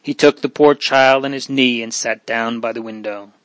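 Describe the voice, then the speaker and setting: A man reading a story aloud in a measured way, softening on sad passages. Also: medium pitch, fairly even intonation, no room sound, poor audio. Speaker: narrator. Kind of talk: audiobook narration.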